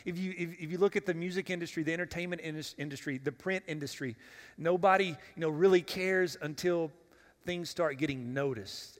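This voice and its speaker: In a church sanctuary, a pastor with a fairly high, slightly bright voice preaches a conversational sermon, speaking casually and directly to the congregation. He asks them questions and often repeats words as he restarts. The recording carries the long reverb of a church hall.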